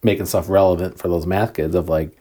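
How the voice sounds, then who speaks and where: A man interviewing his former teacher, agreeable and halting, with many fillers. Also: sits low, steady tone, mellow. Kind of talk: casual interview.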